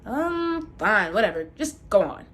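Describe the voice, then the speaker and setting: A woman's voice: a little high, sing-song, measured pace, fairly bright tone, slight background noise. A woman voicing a magical talking fish who is weary and dismissive.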